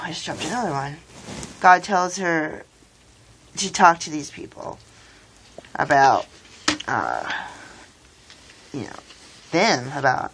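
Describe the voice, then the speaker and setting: A woman's voice: deep voice, a bit bright. A woman in her thirties rambling in a casual vlog while she builds with toy bricks. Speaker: vlogger.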